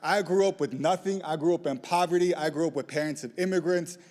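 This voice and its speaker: A man's voice: on the high side, fast, darkish tone. Young man, playful, rallying audience, echoing hall. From southeast side of Chicago. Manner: playful, rallying crowd call-and-response. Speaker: community organizer speaker. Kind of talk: lightning talk to a live audience. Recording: reverberant hall, live talk.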